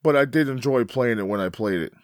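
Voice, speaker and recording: A man with a mid-pitched voice, recorded dry and close, recapping a film on a podcast. He is blunt and sarcastic and swears freely in casual chat. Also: fairly quick, no room sound. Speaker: podcast co-host. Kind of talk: casual movie-review chat.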